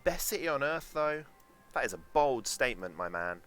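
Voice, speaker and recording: A man's voice: medium pitch, very animated, normal speed, a bit bright, soft background music. A young man with a London accent, chatting casually and swearing freely while streaming a game and answering chat. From England.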